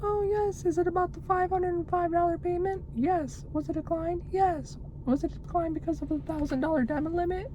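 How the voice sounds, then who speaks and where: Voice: very high voice, steady tone, brisk, few pauses, warm tone, muffled recording, slight background noise, pitched above the performer's own voice. A vlogger putting on the voice of a polite female automated phone assistant, chirpy and overly courteous.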